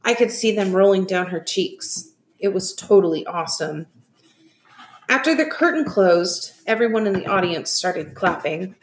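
A woman reads a novel aloud with lively, expressive delivery. Her pitch sits in the middle of the range. The recording has a roomy echo. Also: moderate pace, slight background noise. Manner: expressive, animated reading. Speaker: reader. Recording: echoey room.

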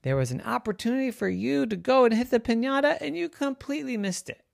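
A storyteller voicing a mother who calmly explains a saying to her child. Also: mid-range voice, fast talker, creaky, voice pushed up. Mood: explaining. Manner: calm, instructive.

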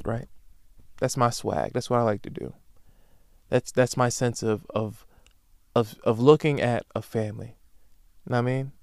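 A young man hosting a solo comedic podcast, ranting emphatically with profanity and loud animated bursts. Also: medium pitch, clear, resonant tone, dry recording, studio quality. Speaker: podcast host.

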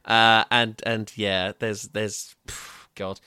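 Young male co-host, casual and rambling, bright edge to the voice. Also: fairly low pitch, flat delivery, slow pace, smooth, no echo, studio quality. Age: young adult. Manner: chatty, stumbling restarts, frequent laughs. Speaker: podcast co-host reviewing a film. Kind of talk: casual chat.

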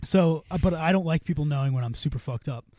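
Fast-talking profane young man. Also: fairly high pitch, a little mellow, dry recording, studio quality. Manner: rambling, profane storytelling with frequent laughter. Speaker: podcast co-host. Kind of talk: casual chat.

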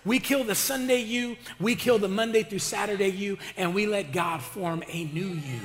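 A man's voice: high-pitched, moderate pace, faint music behind. A male pastor preaching an impassioned sermon with casual, slangy talk and call-and-response to his church. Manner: colloquial, slangy. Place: church sanctuary. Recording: reverberant hall.

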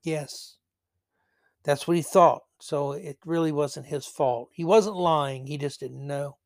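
A man's voice: fairly high pitch, slow, gravelly, dry recording. A man hosting a solo commentary podcast, talking in a rambling way with sarcastic, mocking asides. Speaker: podcast host.

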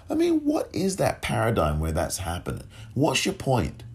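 A man's voice: fairly low pitch, huge pitch swings, moderate pace, hardly any pauses, slightly rough. A man hosting a solo podcast commentary, impassioned and rhetorical, repeating phrases for emphasis and rising into pointed questions. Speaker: podcast host.

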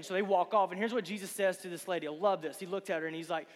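A man preaching a casual youth sermon, asking the crowd rhetorical questions and acting out quick voices. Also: high voice. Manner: acts out voices of Bible figures and listeners. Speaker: youth pastor. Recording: long hall reverb.

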